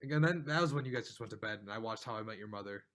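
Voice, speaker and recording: A man's voice: fairly low pitch, expressive, very fast, fairly bright tone. Laughing, rambling male podcast co-host. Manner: rambling storyteller, often laughing, full of "like". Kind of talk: casual chat.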